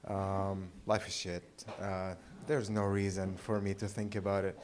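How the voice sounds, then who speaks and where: A man from the Middle East doing a stand-up set at a small open mic, halting and dry, full of filler words. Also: sits low, little pitch movement, darkish tone. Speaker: stand-up comedian. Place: small live comedy venue.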